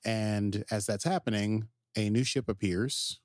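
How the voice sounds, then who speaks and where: A man with a fairly low voice talks through a TV episode in relaxed podcast chat, getting excited and jumping high when the plot turns. The sound is dry and close, with no room around him. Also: unhurried, no room sound. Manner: animated, jumps into quoted character voices. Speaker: podcast co-host. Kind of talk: casual recap chat.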